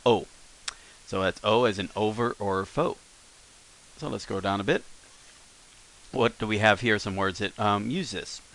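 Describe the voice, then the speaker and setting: Lesson-recording teacher, male, slightly low but bright-edged voice, casual and self-correcting. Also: a little slow, long pauses. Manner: relaxed, thinking aloud with fillers and self-corrections. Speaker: language teacher.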